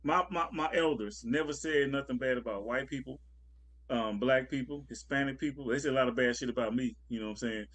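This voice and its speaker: A man's voice: mid-range voice, a little fast, fairly bright tone, dry recording. A man co-hosting a talk show, chatting casually and earnestly, often repeating words as he talks. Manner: earnest, repetitive, laughs easily. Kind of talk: casual chat.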